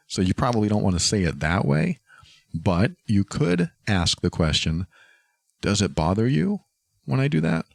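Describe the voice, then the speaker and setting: A man hosting a podcast, giving calm, thoughtful relationship advice and acting out short example phrases. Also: low voice, dry recording, studio quality. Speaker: podcast host. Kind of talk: reflective advice talk.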